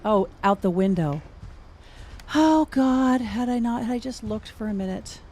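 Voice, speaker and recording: A woman's voice: a little high, animated, a little slow, a little mellow, slight background noise. A middle-aged woman giving casual gameplay commentary, chatty and thinking aloud with wry asides. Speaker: gaming streamer.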